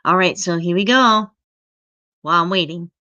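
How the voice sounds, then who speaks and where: Chatty woman, bright stuffy voice. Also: fairly low pitch, normal speed, highs cut off, slight background noise. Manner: greets viewers by name, chatty. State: stuffy from allergies. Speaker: livestream host. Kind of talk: casual livestream chat.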